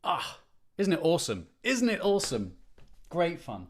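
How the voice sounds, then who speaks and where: A man's voice: fairly high pitch, huge pitch swings, moderate pace, husky. A man leading an online choir rehearsal, explaining phrasing patiently, repeating points for emphasis, with light self-deprecating humor. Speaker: choir conductor.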